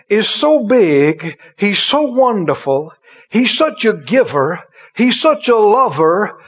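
A man delivers a sermon in a strikingly high, animated voice that swoops up and down. He takes his time, then erupts in shouted exclamations of joy. The recording sounds dull and lo-fi. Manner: exuberant, bursts into shouted exclamations. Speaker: preacher.

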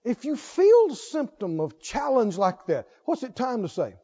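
High-voiced older preacher, emphatic. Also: male voice, huge pitch swings, normal speed, dull audio. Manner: emphatic, repeats call-and-response questions, swings between loud and soft. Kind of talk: sermon.

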